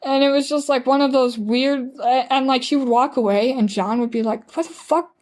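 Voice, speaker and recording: A woman's voice: high-pitched, steady tone, moderate pace, a little mellow. A young adult woman, a podcast guest, telling her story in a casual chatty way, peppering it with "like" and acting out what others said. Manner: chatty, fills speech with "like", acts out quotes.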